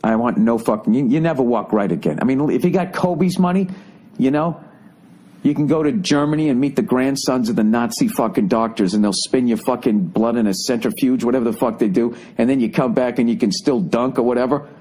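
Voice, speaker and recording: Middle aged guy, husky voice, swearing nonstop in a funny rant, gets loud and worked up. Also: mid-range voice, a little fast. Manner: loud, exasperated storytelling with heavy swearing. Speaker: podcast host. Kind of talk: profane comedic rant.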